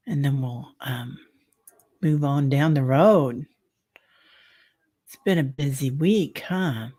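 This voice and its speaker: Slow, rambling woman tarot reader. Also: rumbling low, a little mellow, husky. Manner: slow, chatty, rambling with many fillers. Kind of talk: casual livestream chat with viewers.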